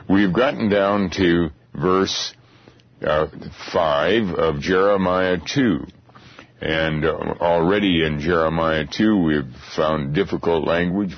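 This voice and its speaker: A man teaching a Bible study lecture, speaking deliberately and repeating phrases for emphasis. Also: low voice, no echo, lo-fi sound.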